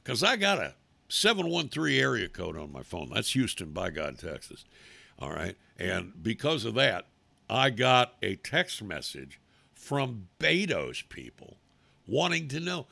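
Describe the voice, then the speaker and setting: A man hosting a talk show, ranting angrily and profanely, swinging from shouts to mutters. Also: lowish voice, very animated, normal speed, vocal fry, no echo. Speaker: radio talk host. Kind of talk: angry political rant.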